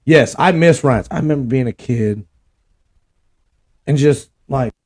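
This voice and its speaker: A man's voice: medium pitch, a little slow, darkish tone, slightly rough. A young man, ranting and cussing in a casual vlog. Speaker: vlog host. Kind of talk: casual profane rant.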